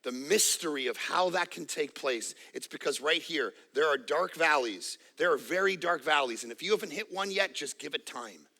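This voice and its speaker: A middle-aged man preaching a sermon as a pastor, animated, acting out little voices and jokes. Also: on the high side, moderate pace, vocal fry, hardly any pauses. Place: church auditorium.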